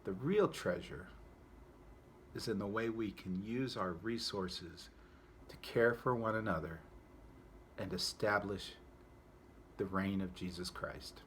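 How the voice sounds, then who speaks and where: A pastor giving a devotional talk, telling a folksy story and then reflecting on it in a relaxed, conversational way. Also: male voice, fairly low pitch, slow pace, long pauses, a little hiss or hum.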